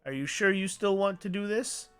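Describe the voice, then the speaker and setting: A man's voice: sits high, moderate pace, a bit bright, smooth, soft background music, pitched above the performer's own voice. A man voicing a fussy old male inventor of picture boxes, speaking in formal, flowery old-fashioned phrases. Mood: grandiose.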